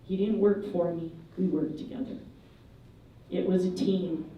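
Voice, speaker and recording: A woman giving a memorial eulogy, telling funny, lively anecdotes about the people she remembers. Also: lowish voice, measured pace, lo-fi sound, a little hiss or hum. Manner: lively, humorous storytelling. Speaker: eulogy speaker. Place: memorial service hall. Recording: echoey hall, voice from a distance.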